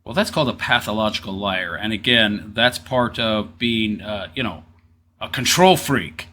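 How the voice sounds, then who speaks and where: A man's voice: fairly low pitch, moderate pace, pushed and bright, a little hiss or hum. A man commenting sarcastically over an interview clip, mocking and talking back at it. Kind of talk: casual reaction commentary.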